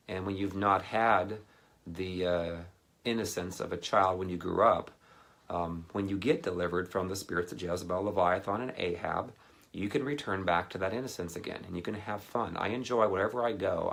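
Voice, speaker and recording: A man's voice: sits low, creaky. A man giving a casual, rambling sermon, telling a personal anecdote and acting out what others said. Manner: rambling anecdotal delivery with animated quoted voices. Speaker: ministry speaker.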